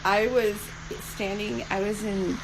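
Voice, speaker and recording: A woman's voice: mid-range voice, level tone, slow, a crowd in the background. A woman chatting casually, rambling with many restarts as she tells a story. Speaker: podcast co-host. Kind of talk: casual chat. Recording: noisy room ambience.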